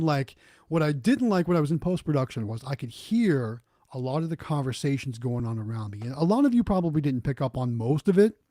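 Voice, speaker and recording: A man chatting casually on a livestream about making vending videos, quick and full of fillers. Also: a little high, warm tone, no echo, clean studio sound. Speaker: vending business YouTuber, co-host.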